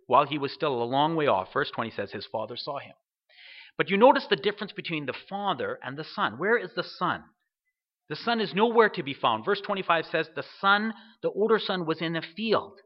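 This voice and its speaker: A man's voice: fairly high pitch, lo-fi sound. A man preaching a sermon, reading scripture aloud and putting questions to his listeners. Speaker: pastor.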